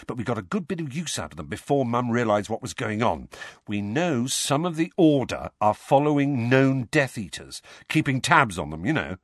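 A man's voice: mid-range voice, sing-song, moderate pace, no echo, studio quality, voice pushed up. A man voicing an easygoing, awkward teenage boy with a blunt, rambling way of talking. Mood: sheepish.

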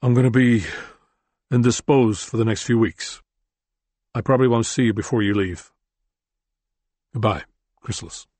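A man voicing a grim vigilante archer who speaks in a flat, dead, quietly menacing tone. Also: mid-range voice, normal speed, long pauses, no echo, lightly acted. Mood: weary. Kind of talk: audiobook character voice.

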